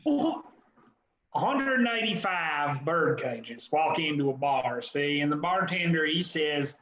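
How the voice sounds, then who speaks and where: A man telling improvised bar jokes in a slow, drawn-out delivery. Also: a little high, bright, forceful tone, highs cut off. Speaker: improv performer. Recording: echoey room.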